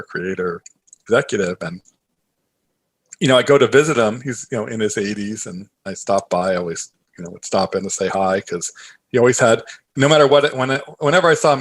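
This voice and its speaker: A man being interviewed as a guest, telling a story in a rambling, animated way with many filler phrases. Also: lowish voice, breathy edge. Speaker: guest, author and investor.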